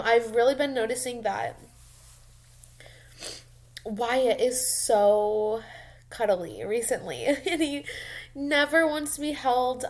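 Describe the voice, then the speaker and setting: A young woman, a mom, talking casually and emotionally in a personal vlog, rambling with many ums and soft laughs. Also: a little high. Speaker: mom vlogger.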